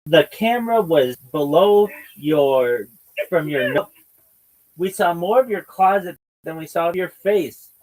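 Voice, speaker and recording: A man's voice: fairly high pitch, animated, a little slow, darkish tone, low-quality recording. Podcast host guy ribbing his cohost, rambly and lecturing in a joking way. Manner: teasing, rambling, mock-lecturing. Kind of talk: casual livestream chat.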